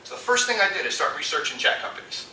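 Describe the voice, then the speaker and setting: Animated man telling stories on stage. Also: high-pitched, fast, a little hiss or hum. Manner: animated, acts out quoted voices. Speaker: conference speaker. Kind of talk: storytelling keynote talk. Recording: echoey hall from far off.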